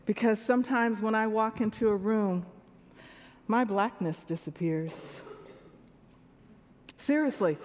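A woman's voice: a little high, slow pace, long pauses. A woman in her sixties preaching a sermon in a church, talking with the congregation in a conversational way. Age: 60s. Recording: long reverb of a large hall.

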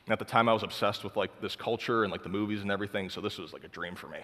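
A young man speaks with a somewhat low voice, recounting his personal testimony in a relaxed, heartfelt way, leaning on "like" as he goes. His words ring out with a long hall reverb. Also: very fast, few pauses. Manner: casual, heartfelt storytelling full of "like".

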